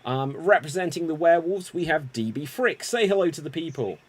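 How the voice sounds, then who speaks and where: Man, improv show host, upbeat emcee, joking intros, slightly high voice. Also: expressive, brisk, noisy background. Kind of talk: hosting a live online improv show.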